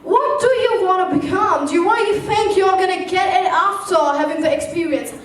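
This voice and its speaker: A teenage girl with an Indian English accent gives an earnest motivational speech and keeps asking the audience rhetorical questions. Her voice is high. It rings through a large, very echoey hall and sounds distant from the mic. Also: a little fast. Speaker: motivational speaker.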